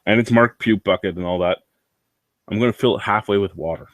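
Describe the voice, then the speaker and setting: A man's voice: lowish voice, brisk, no room sound. A man ranting in a casual vlog, rambling, swearing and sounding anxious. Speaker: vlogger.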